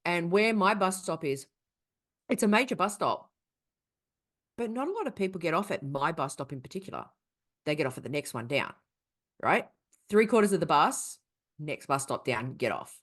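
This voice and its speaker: A woman's voice: on the low side, big pitch swings, moderate pace, pauses often, a bit bright. A young woman co-hosting a podcast, telling a story in casual, profane chat. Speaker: podcast co-host.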